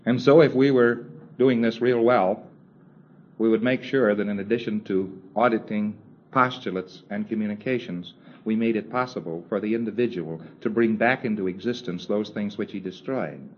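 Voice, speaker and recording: A man lectures in a relaxed, wry manner, slipping into quick back-and-forth dialogue and chuckling along the way. His voice sits on the low side. The recording is muffled and lo-fi, with a faint hiss underneath. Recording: dull lo-fi old tape with faint hiss.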